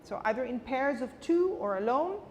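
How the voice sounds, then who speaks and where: A woman's voice: high-pitched, expressive, normal speed. A woman guest telling a personal story vividly and emotionally in a conversation, acting out the dialogue. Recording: long reverb with faint background noise.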